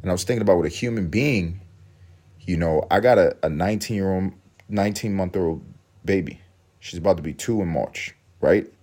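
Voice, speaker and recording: Young male podcast host, very low voice, profane rambling rant. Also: brisk, a little mellow. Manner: profane, rambling, self-mocking. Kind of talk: casual solo podcast rant.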